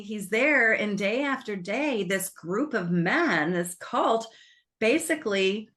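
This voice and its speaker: A woman film critic, chatting casually and retelling a movie plot in an animated way. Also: mid-range voice. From United States. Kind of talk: casual film review chat.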